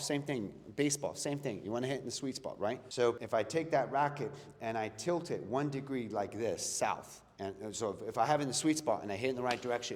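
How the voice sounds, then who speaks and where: A man's voice: fairly low pitch, a little mellow. A middle-aged man, a motivational speaker giving a live seminar talk, emphatic and throwing questions at his audience. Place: event hall with an audience. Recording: echoey hall with long reverb.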